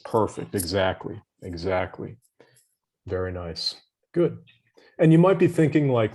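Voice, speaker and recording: A man's voice: on the low side, big pitch swings, unhurried, pauses often, darkish tone. A man tutoring English vocabulary over a video call, patient and encouraging, giving hints and praise. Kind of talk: online vocabulary lesson.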